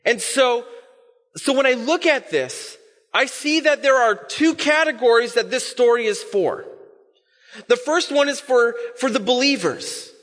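High-voiced bright pastor preaching. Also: male voice, expressive, measured pace, in a large hall. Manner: conversational storytelling preaching with asides. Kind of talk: sermon.

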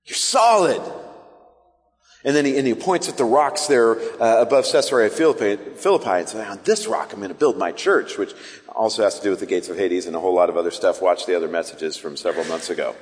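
A young man preaching a sermon as pastor, animated and casual, acting out the disciples' voices as he tells the story. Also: lowish voice, fast, long reverb tail.

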